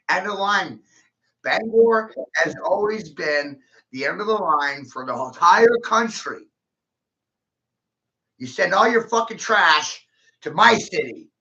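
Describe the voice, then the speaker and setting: A man vents in a swearing, erratic rant to his camera. His voice sits fairly high and sounds bright and tense. The recording is dull and lo-fi. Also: expressive, slow, pauses often. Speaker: vlogger.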